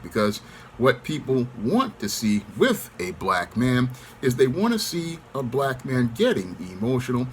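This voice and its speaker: Middle-aged guy talking real calm and steady, lively pitch though, little bit of hiss behind. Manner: calm, controlled, even-toned delivery; repeats set phrases. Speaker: channel host. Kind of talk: monologue to camera.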